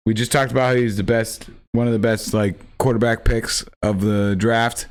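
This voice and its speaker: A man's voice: fairly low pitch, level tone, moderate pace. Man, podcast host, casual sports chat, rambling, stat-heavy.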